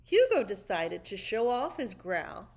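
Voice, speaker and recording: A woman reading a children's storybook aloud in an expressive, sing-song way. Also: medium pitch, measured pace.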